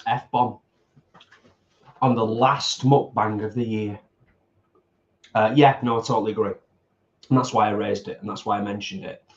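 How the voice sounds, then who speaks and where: A middle-aged man co-hosting a casual mukbang chat, earnest and deliberate, repeating points for emphasis. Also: fairly low pitch, steady tone. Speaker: co-host. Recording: roomy, slightly dull home recording.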